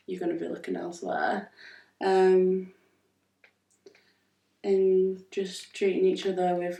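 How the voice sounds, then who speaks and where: A woman on a discussion panel talking very slowly, hesitant and full of fillers. Her low, mellow voice comes from away from the mic in an echoey room. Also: recorded from a distance. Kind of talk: casual panel talk.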